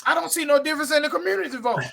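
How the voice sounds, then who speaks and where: High, bright-voiced man debating casually. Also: very fast, creaky. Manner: blunt, repetitive, reads viewer comments aloud. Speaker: live stream co-host.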